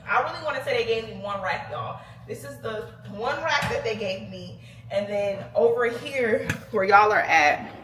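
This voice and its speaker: A young woman giving a chatty apartment tour, talking straight to her viewers. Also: medium pitch. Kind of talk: casual chat to camera. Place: large empty apartment, indoors. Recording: echoey empty rooms, faint background noise.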